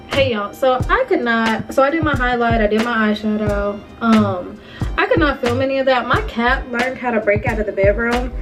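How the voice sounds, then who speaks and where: A young woman in her twenties chatting playfully through a casual makeup tutorial, talking straight to her viewers. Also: on the high side. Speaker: beauty vlogger. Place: bedroom at home. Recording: distant mic with music behind.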